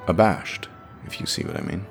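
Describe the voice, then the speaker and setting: A man's voice: deep voice, animated, moderate pace, vocal fry, faint music behind, exaggerated voice. A young man playing a cheeky dream traveler, narrating in a wry, chatty way. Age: young adult. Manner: wry, conversational storytelling. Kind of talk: audio drama monologue narration.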